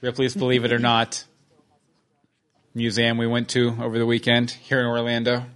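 A man's voice: medium pitch, completely flat delivery, normal speed, fairly bright tone, clean tone. A man co-hosting a TV watch-along podcast, chatting casually and cracking playful jokes as the episode plays. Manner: joking, playful banter. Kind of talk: casual chat over an episode.

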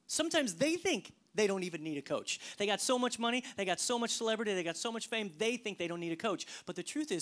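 A middle-aged man delivers a sermon in the manner of a working pastor. His delivery swings from loud, emphatic bursts to hushed, whispered asides. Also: high voice, expressive, fast talker, few pauses.

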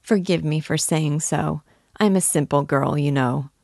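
Woman voicing a shy young girl pouring her heart out, soft and hesitant, low gravelly tone. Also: a little slow, no room sound, studio quality, full character voice. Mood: earnest. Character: timid, earnest young girl confiding.

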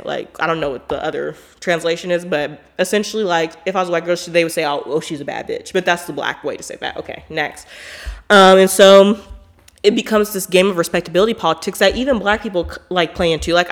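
A woman hosting a podcast in a casual monologue, blunt, emphatic and profane, filling her talk with "like". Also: fairly low pitch. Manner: animated, with frequent "like" fillers. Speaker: podcast host.

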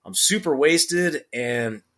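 A man's voice: a little high, slow. A middle-aged man, a former Marine sergeant, telling a story in casual conversation and acting out the voices he quotes with laughs. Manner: animated, acts out quotes with laughs.

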